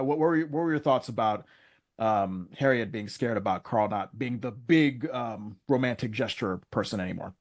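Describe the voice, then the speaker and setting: Man, podcast co-host, casual chat, mid-range voice, chatty and hedging. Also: medium pitch.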